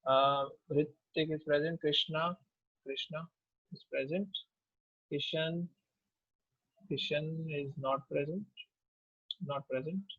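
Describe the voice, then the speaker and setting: Indian instructor, slightly high, dull call audio. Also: male voice, steady tone, takes it slowly, long pauses, no echo. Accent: Indian English. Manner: takes attendance name by name, with fillers. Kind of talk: online class, mixing Hindi and English.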